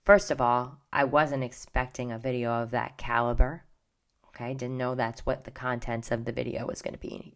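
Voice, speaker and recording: A woman's voice: a bass voice, normal speed, fairly bright tone. A middle-aged woman hosting a podcast, chatting casually and gossipily, often dropping into whispered asides. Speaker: podcast host. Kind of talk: casual pop culture chat.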